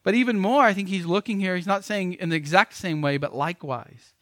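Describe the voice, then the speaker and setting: A man's voice: high voice, brisk, fairly bright tone, dry recording, clean studio sound. A man who is a pastor, preaching a sermon with emphatic repetitions.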